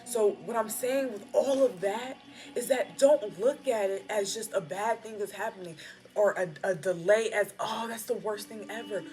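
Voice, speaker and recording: A woman's voice: mid-range voice, normal speed, a little mellow. A woman giving a casual, slangy spiritual pep talk while reading tarot cards. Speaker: tarot reader. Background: background music.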